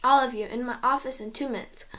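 A woman voicing a calm, firm female school principal in a storybook reading, proper in manner. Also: fairly high pitch, quick pace.

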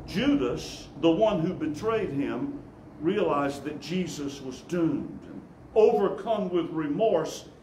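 A man preaching in a church, telling scripture as a story at a very slow, deliberate pace. His voice sits a bit high and sinks low on solemn moments. The big room echoes, with faint ambience behind. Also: animated, slight background noise. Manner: storytelling, dropping low and quiet on solemn lines. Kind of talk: dramatic scripture reading in a sermon. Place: church sanctuary.

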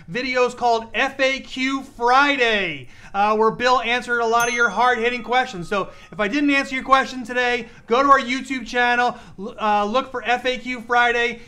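A man co-hosting a live stream, upbeat and excitable, chatting casually with plenty of fillers. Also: very high-pitched, clean tone. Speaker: livestream co-host.

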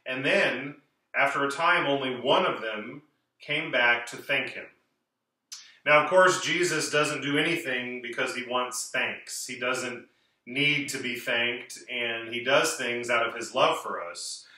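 Bright-voiced priest in an echoing church. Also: male voice, mid-range voice. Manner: measured, clear liturgical reading with slow emphatic pauses. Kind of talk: reading scripture and preaching a homily. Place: large church. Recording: echoey church, voice from far off.

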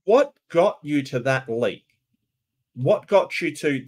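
A man's voice: on the high side, animated, slow pace, darkish tone, slightly rough. A man hosting casual reaction commentary, incredulous and questioning, with frequent restarts. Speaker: commentary host.

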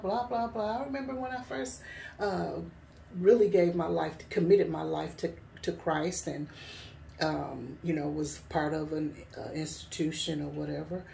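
A woman gives an informal sermon at an unhurried pace, her voice gravelly with fry. She talks conversationally and keeps circling back on her words. The recording is roomy and echoey, picked up from some distance. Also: low voice, mellow, slight background noise. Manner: conversational, repeats words, frequent "you know". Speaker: preacher. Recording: roomy echo, voice from far off.

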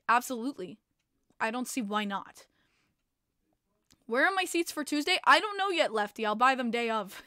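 A woman hosting a hockey podcast, chatting casually with viewers, excitable, swearing freely and laughing often. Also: fairly high pitch, dry recording, clean studio sound. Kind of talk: casual live-stream chat reading viewer comments. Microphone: plugged-in desk microphone.

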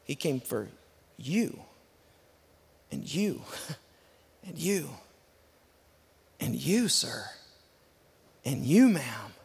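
A man preaching a sermon as a guest pastor, with emphatic repeated refrains and sudden loud peaks. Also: high voice, slightly rough. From Texas. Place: church auditorium. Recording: long reverb of a church hall.

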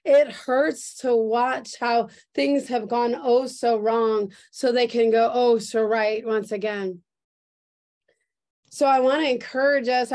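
A woman pastor with a fairly high voice delivers a prophetic sermon at an unhurried pace. She speaks with earnest emotion and circles back to the same phrases. The sound comes through a video call. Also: darkish tone. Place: church service streamed on video call.

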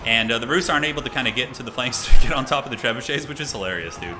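A man giving casual, excitable live commentary on a strategy game tournament, chatting with his stream viewers as he goes. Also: medium pitch, rapid-fire, music in the background. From United States. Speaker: tournament caster.

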